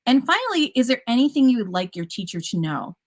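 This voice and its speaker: A woman's voice: on the high side, sing-song, fast. A woman teacher giving an upbeat, chatty conference presentation about classroom practice, with playful puns.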